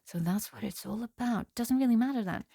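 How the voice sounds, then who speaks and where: A woman's voice: fairly high pitch, fairly quick, gravelly, dark tone, husky, no echo, clean studio sound. A woman from Norway, a tarot reader, telling a tale in rambling casual chat, laughing often and breaking off her own sentences.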